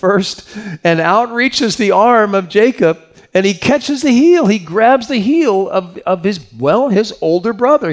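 A man giving a conversational sermon at a moderate, middle-of-the-road pitch. He meanders through stories, breaks off for asides, and repeats words as he gathers his thoughts. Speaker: pastor.

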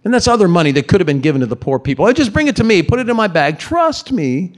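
A man's voice: high voice, sing-song, fast talker, pitched above the performer's own voice. A man voicing a scornful, penny-pinching male disciple during a sermon. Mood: grasping.

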